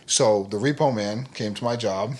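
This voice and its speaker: A man's voice: on the low side, normal speed. A man talking as a podcast guest in a casual conversation, earnest and rambling, often saying "like" and "you know what I mean". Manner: animated storyteller who acts out quoted people.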